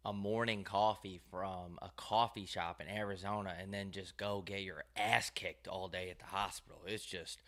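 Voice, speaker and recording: A man's voice: on the low side, moderate pace, hardly any pauses, pushed and bright. A man hosting his own show, telling rambling, profane, wry stories in a loose monologue. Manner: profane, wry, ranting storyteller. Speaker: show host.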